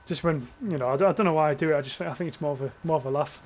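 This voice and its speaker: A young adult male streamer plays a shooter and talks very fast in a slightly high voice, with a little hiss or hum in the recording. His casual commentary is full of rambling and swearing as he reads chat aloud and cracks up at it.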